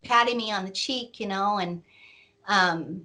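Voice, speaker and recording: A middle-aged woman, an author, slowly telling a painful personal story in an interview, with many pauses and fillers. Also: medium pitch, sharp tone. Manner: slow, reflective, with many fillers. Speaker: author and guest.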